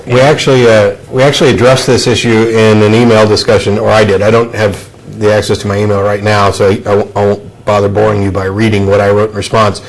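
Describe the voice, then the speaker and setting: A man hosting a studio discussion show, speaking in a measured, thoughtful way with frequent fillers. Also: on the low side, flat delivery, rough recording. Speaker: show host.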